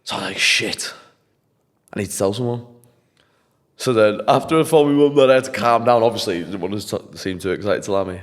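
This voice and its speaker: A young man from England, a podcast guest, telling a story in an animated, casual, slangy way and swearing freely. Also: lowish voice, fast. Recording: long hall reverb.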